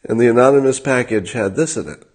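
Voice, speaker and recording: A man hosting a livestream, talking in a casual monologue with a dry, sardonic manner and frequent halting fillers. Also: medium pitch, a little mellow. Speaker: livestream host.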